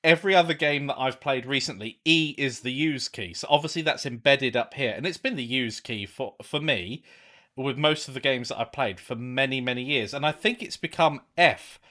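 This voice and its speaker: A man's voice: mid-range voice, normal speed, pushed and bright. A man co-hosting a live stream, chatting reflectively about game design and laughing often. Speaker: co-host.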